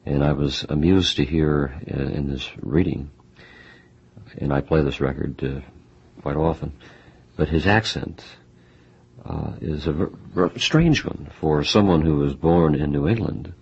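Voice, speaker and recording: Very deep, husky-voiced male interviewer. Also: a little mellow, muffled recording. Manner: measured, hesitant with frequent uhs. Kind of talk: radio interview. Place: New York radio studio.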